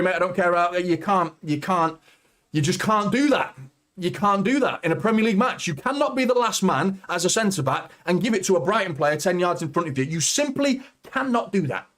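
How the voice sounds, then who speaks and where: A man hosting a live football watchalong, commentating as a fan and swearing a lot as he swings from nervous muttering to shouting. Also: medium pitch.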